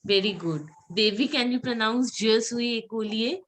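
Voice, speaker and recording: A woman's voice: on the high side, moderate pace, a bit bright. A woman teaching French pronunciation in an online class, patiently repeating words for her students over a video call.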